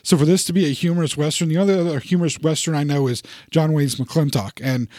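Rambling high-voiced man, dry sound. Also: steady tone, quick pace, a little mellow, no room sound. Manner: rambling, restarts a lot, puts on quoted voices. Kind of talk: casual chat about movies.

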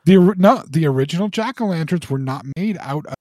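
Podcast co-host, male, high animated voice, stammering rambler, dry sound. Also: quick pace, no echo. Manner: rambling, stammering repeats, chuckling. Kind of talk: casual podcast banter.

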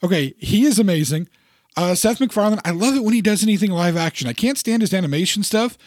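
A man's voice: high-pitched, animated, fast talker, darkish tone, dry recording, clean studio sound. A middle-aged man chatting casually about movies, rambling with many restarts. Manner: rambling, restarts a lot, puts on quoted voices.

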